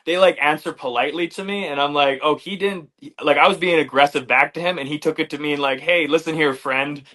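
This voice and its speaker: Young canadian guy being interviewed, bright voice, lots of "like" and pauses. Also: fairly high pitch. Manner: relaxed, hesitant, many "like" fillers. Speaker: fighter, interview guest. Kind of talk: casual interview chat.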